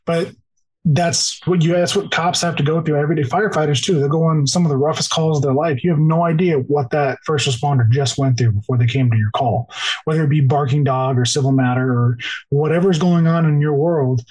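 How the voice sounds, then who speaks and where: A man's voice: a little high, fast talker, a little mellow, slightly rough, low-quality recording. A man who works in law enforcement, a podcast interview guest who explains earnestly and often repeats himself as he talks.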